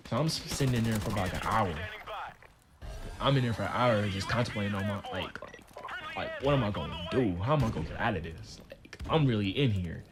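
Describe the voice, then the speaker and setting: A man's voice: fairly low pitch, expressive, a little fast, music in the background. A young man casually telling a story on his channel, in a laid-back, slangy way. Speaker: channel host. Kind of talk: storytime vlog.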